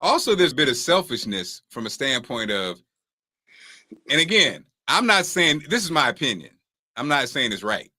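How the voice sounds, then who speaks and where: A man hosting a casual talk show, telling stories in an animated way and often laughing through his points. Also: medium pitch, normal speed, dry recording. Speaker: podcast host. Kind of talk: casual chat.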